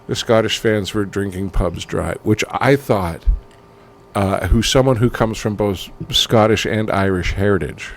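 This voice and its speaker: A man co-hosting a loose comedy podcast in a rather low voice. He rambles from one thought to the next, irreverent and quick to swear. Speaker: podcast co-host. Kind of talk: casual comedic chat.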